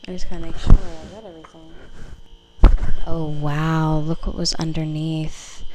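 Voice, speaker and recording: A woman's voice: sits low, level tone, unhurried, very noisy. A woman giving a casual pick-a-card tarot reading, rambling with fillers and the odd swear word, at home. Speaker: tarot reader. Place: home room. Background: faint mini fridge buzz.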